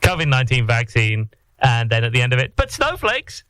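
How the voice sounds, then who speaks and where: A man's voice: mid-range voice, fast, a bit bright, smooth, dry recording, low-quality recording. A man hosting a morning radio show, chatting playfully and rambling in a studio. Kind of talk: casual studio banter.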